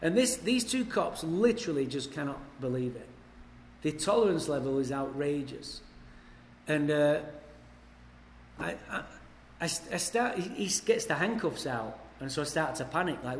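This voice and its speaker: A man's voice: on the high side, lively intonation, moderate pace, a little hiss or hum. Blunt Englishman telling his story. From England. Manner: blunt, swearing, storytelling with wry humor. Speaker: recovery speaker. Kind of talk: recovery meeting talk. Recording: echoey hall, faint ambience.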